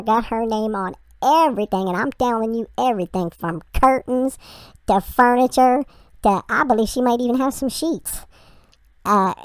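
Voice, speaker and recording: A woman's voice: medium pitch, dry recording. A woman hosting a reaction video, chatting bluntly and rambling through asides. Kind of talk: casual reaction commentary.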